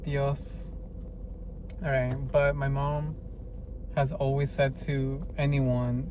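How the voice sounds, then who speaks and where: A man's voice: medium pitch, little pitch movement, slow pace, a little mellow. A man telling a heartfelt personal story in a vlog, hesitant, with many fillers and restarts. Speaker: vlogger. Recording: noisy background with traffic.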